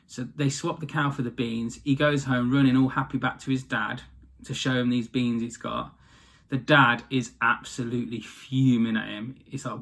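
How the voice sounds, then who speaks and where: A man's voice: mid-range voice, steady tone, moderate pace, fairly bright tone. A man casually telling a fairy tale, in a rambling, chatty way that often corrects itself. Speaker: storyteller. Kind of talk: casual storytelling.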